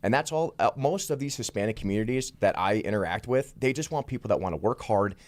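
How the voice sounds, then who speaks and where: A man in his thirties, a congressional candidate, talking fast and assertively as a guest in a radio studio interview. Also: fairly low pitch, animated. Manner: rapid, assertive, talks very fast.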